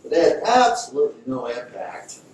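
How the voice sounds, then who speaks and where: A man's voice: medium pitch, wildly swooping pitch, fairly quick, a little mellow. A man giving a conversational lecture as a yoga teacher, telling a story and acting out both sides of the dialogue in a raised voice. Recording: distant mic in an echoey room with faint noise.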